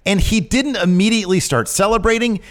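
A man co-hosting a podcast, chatting casually about wrestling and acting out quotes with sudden high voices. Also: fairly quick. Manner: animated, acts out quotes with big pitch jumps. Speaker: podcast co-host. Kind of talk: casual wrestling recap chat.

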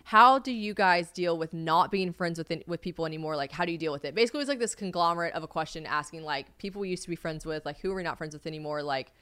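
A woman's voice: on the low side, quick pace, hardly any pauses, a bit bright, smooth. A young woman hosting a podcast in casual chat, telling stories with lots of swearing and acted-out quotes. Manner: swearing, storytelling, acts out quotes. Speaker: podcast host.

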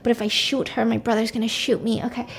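A woman's voice: on the high side, little pitch movement, quick pace, creaky. A woman voicing a nervous young male kidnapper who rambles anxiously.

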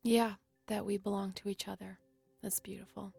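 A woman's voice: mid-range voice, level tone, normal speed, vocal fry, darkish tone, faint music behind. A woman hosting a podcast who talks in a reflective, wry way and laughs easily. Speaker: podcast host. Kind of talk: interview chat and reflective narration.

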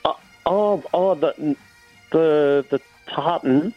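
A man's voice: a little high, slow, lo-fi sound, soft background music. A comedian from Australia, a man chatting casually and laughing at himself. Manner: laughing, self-deprecating, chatty. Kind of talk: casual phone chat.

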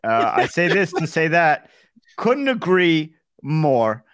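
A man's voice: on the high side, very animated, takes it slowly, a bit bright, dry recording, clean studio sound. A man co-hosting a casual comedy podcast, rambling through his jokes with lots of restarts. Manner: rambling, full of fillers and restarts. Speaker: podcast co-host.

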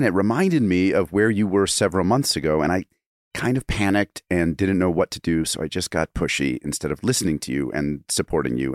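A man with a very deep voice, recorded dry and close with no room sound. He jokes playfully as a podcast guest and reads a text aloud. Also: no echo. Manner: playful, joking. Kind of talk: casual podcast chat and dramatic reading.

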